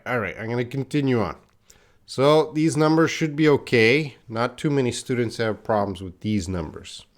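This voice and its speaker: Male English teacher, live class, slow and careful delivery, reads chat aloud. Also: mid-range voice. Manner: slow, deliberate, drills words for students to repeat; chats with viewers, reading the live chat aloud. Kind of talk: live-streamed English lesson.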